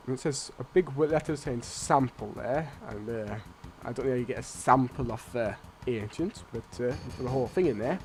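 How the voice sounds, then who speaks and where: A man's voice: medium pitch, a little fast, faint music behind. A man giving casual, rambling, blunt commentary while playing a video game. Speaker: let's play host.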